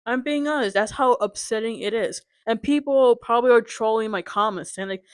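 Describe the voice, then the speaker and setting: A woman's voice: fairly high pitch, a little fast, few pauses, dry recording. A young woman ranting in frustration as a vlogger, swearing and repeatedly asking if you understand. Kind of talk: angry sports rant.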